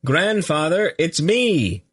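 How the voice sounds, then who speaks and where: A man's voice: lowish voice, expressive, moderate pace, fairly bright tone, dry recording, studio quality. A man voicing an earnest, pleading young man. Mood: calling out. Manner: urgent, raises voice when calling.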